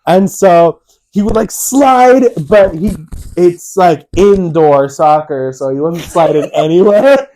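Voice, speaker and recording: A young man co-hosting a casual chat, telling stories with animated, acted-out quotes. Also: high-pitched, slow pace, a little hiss or hum. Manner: animated, acts out quotes in a raised voice. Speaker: co-host.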